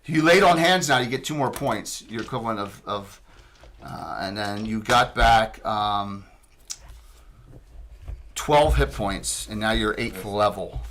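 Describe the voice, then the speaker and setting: A man acting as dungeon master, running a tabletop game in a relaxed, chatty way with lots of fillers. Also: fairly low pitch, measured pace, slight background noise.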